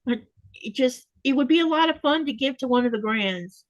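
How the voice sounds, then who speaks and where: A woman's voice: sits high, animated, normal speed, dry recording, lo-fi sound. An older woman hosting a casual livestream chat, greeting viewers by name. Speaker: host.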